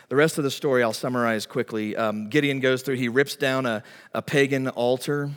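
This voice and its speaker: A man preaching a sermon as pastor, swinging between loud emphatic lines and soft, quiet asides. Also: mid-range voice, fairly even intonation, fairly quick. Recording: long hall reverb.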